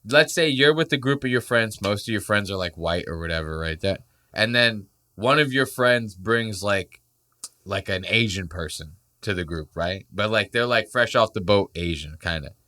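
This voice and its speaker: A man with a fairly low voice and normal speed hosts a casual podcast; his heritage is Puerto Rican. His style is animated and profane, full of jokes and impressions of the people he quotes.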